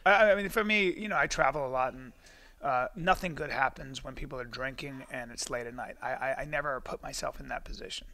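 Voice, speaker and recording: A middle-aged man telling stories as a comedian guest in casual chat, animated, with stammering restarts. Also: mid-range voice, brisk. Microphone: close podcast mic.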